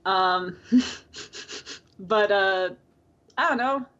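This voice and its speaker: A woman's voice: medium pitch, extremely slow, a bit bright. A woman co-hosting a podcast in casual chat, rambling with lots of fillers and frequent laughs. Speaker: podcast co-host. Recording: dull lo-fi call audio.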